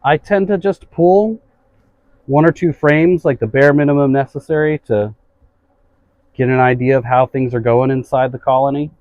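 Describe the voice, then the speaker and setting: A man's voice: medium pitch, moderate pace, dry recording, lo-fi sound. A man working as a beekeeper, patiently explaining what he does while he inspects a hive outdoors. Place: outdoors at a beehive.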